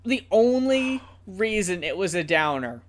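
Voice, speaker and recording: Slow-talking enthusiastic man. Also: high voice, very animated. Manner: enthusiastic, rambling, swears freely. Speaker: podcast co-host. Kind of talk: casual chat.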